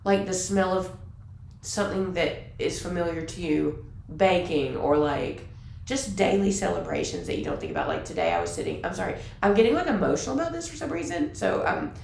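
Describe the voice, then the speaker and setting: A woman co-hosting a podcast in casual chat, talking in an animated way with many fillers. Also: lowish voice, fairly quick, vocal fry. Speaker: podcast co-host. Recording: roomy with faint background hiss.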